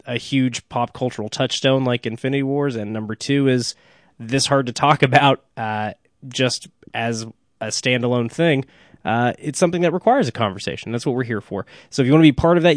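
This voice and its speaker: A man's voice: mid-range voice, no echo, studio quality. A man co-hosting a movie podcast, talking casually with frequent restarts and filler uhs. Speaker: podcast co-host. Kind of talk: casual movie discussion and show plugs.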